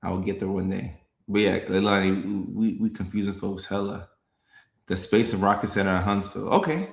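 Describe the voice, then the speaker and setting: Laid-back gravelly-voiced young man chatting. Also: low voice, normal speed, roomy sound. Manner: laid-back, repeats lines, chuckles often. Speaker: comedian hosting a live stream. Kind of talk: casual live-stream chat reading comments.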